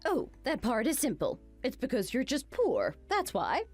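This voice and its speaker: A woman plays a rude, snobbish young woman who barks orders and mocks others. Her slightly high voice leaps up and down wildly in pitch. She is a condescending character in a storybook text-message drama. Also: wildly swooping pitch, moderate pace, faint music behind, heavily acted. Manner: condescending, commanding.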